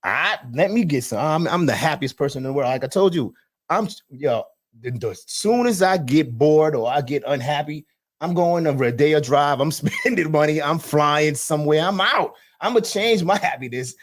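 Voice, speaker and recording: A man's voice: on the high side, expressive, normal speed. A man with a New York accent, a guest in casual chat, joking and loose, restarting his sentences.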